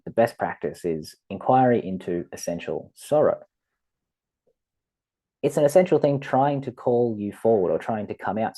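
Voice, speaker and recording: A man giving a rambling, animated spiritual teaching talk, often laughing and acting out quoted voices. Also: on the low side, husky.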